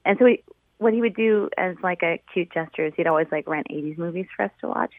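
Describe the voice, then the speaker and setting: A woman's voice: fairly low pitch, fast, no echo. A woman calling a radio show, bubbly and chatty, full of "like" and "um", heard over a phone line. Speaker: caller. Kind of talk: phone-in chat.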